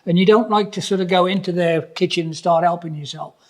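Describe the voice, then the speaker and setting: A man's voice: high-pitched, steady tone, quick pace. A man, a tradesman co-hosting a podcast, telling a story in a rambling, hesitant way. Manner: rambling, hesitant, lots of fillers and restarts. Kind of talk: casual chat.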